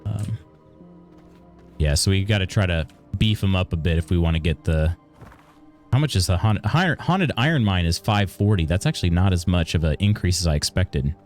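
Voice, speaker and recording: A man's voice: low-pitched, normal speed, soft background music. A man streaming a video game live, chatting casually and thinking aloud as he plays. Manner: relaxed, chatty, thinks aloud while playing.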